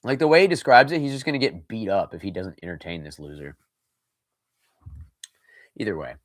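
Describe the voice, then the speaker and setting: A man's voice: lowish voice, brisk, dry recording, clean studio sound. A man reading a scary story aloud, breaking in with casual, joking asides.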